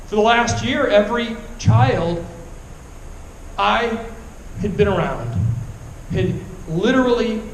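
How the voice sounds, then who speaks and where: High-voiced man telling an emotional testimony. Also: reverberant, slight background noise, low-quality recording. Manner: emotional, halting, pleading. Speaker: military veteran sharing testimony. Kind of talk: personal testimony storytelling. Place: stage at a revival service.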